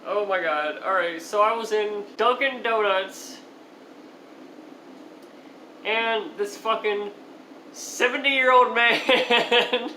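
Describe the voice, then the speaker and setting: A woman's voice: mid-range voice, slow pace, pauses often, bright, forceful tone, reverberant, a little hiss or hum, low-quality recording. A young woman vlogger tells a story to the camera, laughing often and swearing as she goes. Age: young adult. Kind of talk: storytime vlog.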